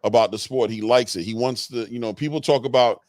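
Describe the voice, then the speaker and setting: A man hosting a casual boxing chat, excitable and slangy, laughing often. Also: mid-range voice, a little fast, no room sound. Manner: excitable, laughing, slangy, says "bro" a lot. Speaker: boxing podcast host.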